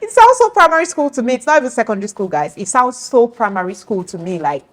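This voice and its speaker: A woman's voice: on the high side, fast. A young woman giving her opinions in a casual monologue, acting out what friends say. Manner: animated, acts out quoted friends, laughs often. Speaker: video host.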